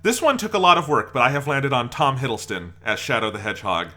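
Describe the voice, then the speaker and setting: A man's voice: medium pitch, lively intonation, quick pace, bright, forceful tone. A man co-hosting a podcast, chatting casually and enthusiastically, rambling a bit and laughing often. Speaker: podcast co-host. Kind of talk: casual chat.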